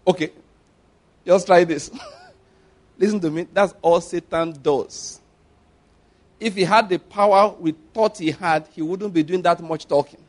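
A man's voice: high voice, a little slow. A man preaching a sermon, telling stories with animation and acting out the scenes.

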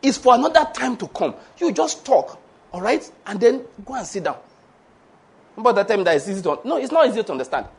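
A man preaching a sermon, animated and humorous, laughing often and acting out the voices he quotes. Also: high voice, brisk, creaky, husky.

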